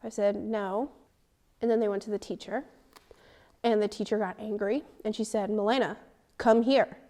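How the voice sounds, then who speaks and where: A teenage girl telling a personal story in an interview, animated and indignant, acting out the dialogue. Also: mid-range voice, normal speed. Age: teens. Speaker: student interviewee.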